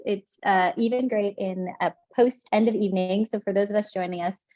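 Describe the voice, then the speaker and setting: A woman's voice: mid-range voice, fairly even intonation, normal speed, warm tone, dry recording. A woman co-hosting a video call, reading sponsor announcements in an upbeat way. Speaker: co-host. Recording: dull video call audio.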